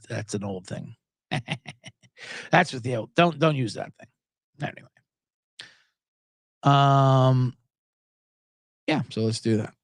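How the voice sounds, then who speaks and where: Animated, rambling male betting show host. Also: sits high, no room sound, studio quality. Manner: animated, rambling and profane, with many restarts. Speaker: sports betting podcast host. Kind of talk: casual chat.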